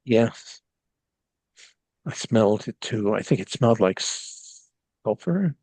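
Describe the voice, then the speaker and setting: A man's voice: fairly low pitch, animated, slow, darkish tone, husky, dry recording, heavily acted. A man voicing an odd, naive and devout woman in a tabletop game, talking earnestly and rambling with many ums. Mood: curious. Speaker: player.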